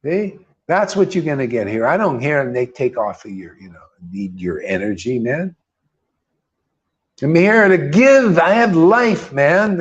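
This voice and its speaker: A man's voice: fairly high pitch, lively intonation, measured pace, lo-fi sound. A man preaching informally to a small group as a spiritual teacher, emphatic and casual, with blunt, mocking asides and swearing. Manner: emphatic and casual, often calls listeners "man".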